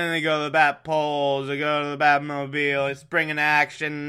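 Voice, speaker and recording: A man's voice: on the high side, monotone, brisk, hardly any pauses, sharp tone, clean tone. A man giving a casual, comedic recap of an episode, wry and chatty with laughing asides. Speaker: show host recapping an episode.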